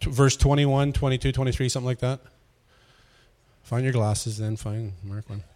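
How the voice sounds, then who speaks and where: A man's voice: medium pitch, steady tone, moderate pace, a little mellow. A man giving an informal teaching sermon, asking the room questions and chuckling often. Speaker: pastor leading a Bible study.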